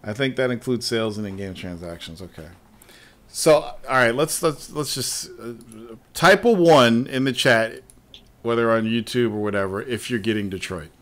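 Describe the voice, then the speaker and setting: A man's voice: mid-range voice, normal speed, fairly bright tone. A man hosting a gaming podcast, chatting casually about game news, swearing freely and laughing often. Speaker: podcast host.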